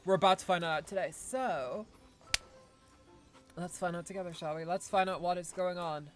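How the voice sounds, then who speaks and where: A woman's voice: lowish voice, moderate pace, faint music behind. Rambling woman streamer. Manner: rambling, self-interrupting, laughs often. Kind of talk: casual gameplay commentary.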